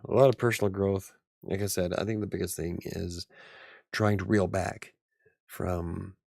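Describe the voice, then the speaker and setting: A man's voice: low-pitched, gravelly, darkish tone, no echo, clean studio sound. A man hosting a casual livestream chat, rambling, joking at his own expense and laughing often. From United States. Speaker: livestream host.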